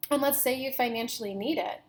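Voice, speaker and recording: In a high, brisk voice, a woman delivers a channeled spiritual talk. She speaks as a collective "we," refers to herself in the third person, and earnestly repeats her key phrases.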